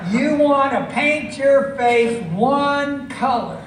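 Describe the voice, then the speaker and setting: Performing live comedy, this high-pitched American man stretches out his delivery and punches it with emphasis and shouted outbursts. He sounds far off, in an echoing space full of background noise.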